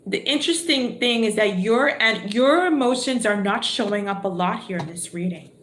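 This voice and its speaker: A woman's voice: medium pitch, animated, normal speed, fairly bright tone, echoey room. A woman giving a live tarot reading, chatty and exclamatory, thinking aloud as she draws cards. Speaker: tarot reader.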